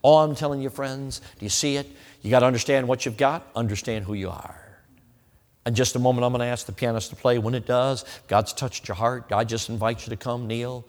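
A man preaching an evangelistic sermon with an altar call, emphatic and swinging between loud and hushed delivery. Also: medium pitch, steady tone, a little fast. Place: church sanctuary. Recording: long hall reverb.

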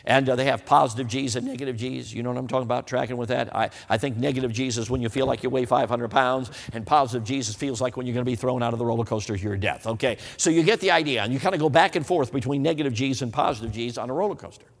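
Animated folksy preacher man, echoey hall. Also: medium pitch, fast talker, creaky, few pauses. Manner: folksy, animated, asks the audience. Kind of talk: sermon with humorous storytelling. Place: church hall. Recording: reverberant hall.

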